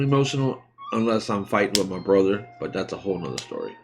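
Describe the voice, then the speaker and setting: A man in his forties from the United States, hosting a live stream and speaking openly and emotionally about his own life, with many pauses and restarts. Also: fairly low pitch, faint music behind. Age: 40s. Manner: halting and heartfelt, many restarts. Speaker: livestream host. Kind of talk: emotional personal talk.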